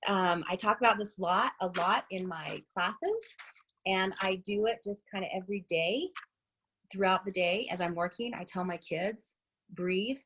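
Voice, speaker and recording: A woman in her thirties speaks with a slightly husky voice in a relaxed, chatty group talk. She is a fitness instructor, upbeat and encouraging as she walks listeners through deep breathing. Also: measured pace.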